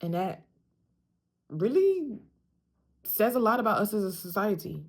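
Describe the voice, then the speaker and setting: A woman's voice: mid-range voice, fast. A young woman talking casually straight to camera, emphatic and slangy, often repeating lines for emphasis. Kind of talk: casual self-talk vlog.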